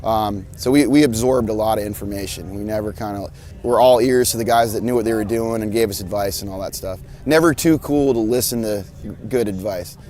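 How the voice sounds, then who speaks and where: A man's voice: fairly low pitch, brisk, darkish tone. A man from Alabama, a motorcycle builder talking casually in an interview, laid-back and swearing freely with frequent restarts. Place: outdoors at a motorcycle show.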